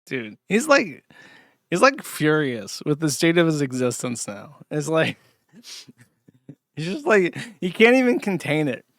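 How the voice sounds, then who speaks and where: A man's voice: a little high, sing-song, a little slow, no echo, clean studio sound. A man hosting a livestream from home, rambling and swearing casually, easily exasperated. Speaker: show host. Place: home in a trailer park.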